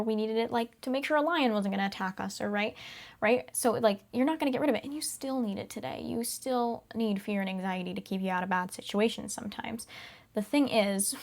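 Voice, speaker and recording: Chatty young woman giving self-help talk. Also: medium pitch. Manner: chatty and upbeat, laughs often, drops to whispers. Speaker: podcast host.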